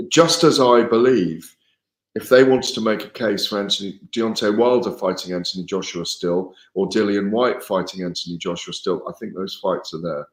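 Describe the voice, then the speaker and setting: A man's voice: fairly low pitch, roomy sound. A man chatting casually on a live show as a boxing journalist, rambling and correcting himself with amusement. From Wales.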